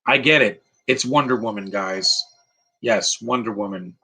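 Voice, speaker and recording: A man talks over a movie as it plays, rambling from one gripe to the next with lots of "uh"s and false starts. His voice is bright and a bit husky, and he is blunt and opinionated throughout. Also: lowish voice, measured pace, low-quality recording. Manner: rambling, opinionated, frequent fillers and restarts. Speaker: movie commentator. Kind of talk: casual live movie commentary.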